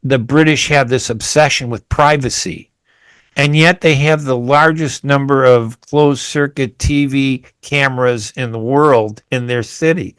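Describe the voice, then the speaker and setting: A man hosts a radio interview from the studio, rambling in a chatty way and often restarting his sentences. His voice sits at an ordinary middle pitch. The sound is close and dry, with no room behind it. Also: fairly even intonation, measured pace, a bit bright, smooth, dry recording. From United States. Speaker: radio host.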